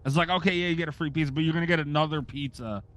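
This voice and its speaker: A man's voice: a little high, rapid-fire, a bit bright, soft background music. A middle-aged man hosting a podcast, chatting casually, ranting sarcastically and swearing freely. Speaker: podcast host.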